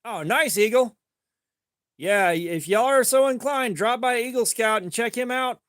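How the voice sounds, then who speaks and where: A man streaming live, telling a rambling, profane story in a casual way and getting animated when he quotes people. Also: very high voice, moderate pace, dry recording, clean studio sound. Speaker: livestream host.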